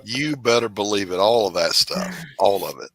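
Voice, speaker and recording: A man's voice: on the low side, sing-song, normal speed, a bit bright, no echo, poor audio. A man in his sixties co-hosting a live stream, joking and reading viewer comments aloud. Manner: reads chat comments aloud, joking and rambling. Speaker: podcast co-host. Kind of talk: casual live-stream chat. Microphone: headphones and desk mic.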